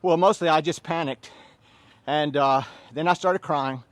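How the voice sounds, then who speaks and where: A man in his fifties leading a workout class, chatting and joking between sets and counting reps in loud bursts. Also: on the high side, unhurried, no room sound. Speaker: fitness instructor.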